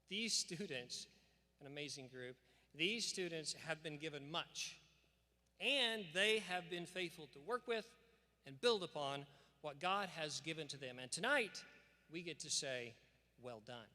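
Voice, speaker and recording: A man delivers a formal commencement address, earnest and emphatic, with the cadence of a preacher. His voice sits fairly high and has a bright, forceful edge. It rings out with the long reverb of a large church sanctuary. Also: animated, measured pace. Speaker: school administrator giving commencement address. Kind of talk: formal commencement speech with scripture reading.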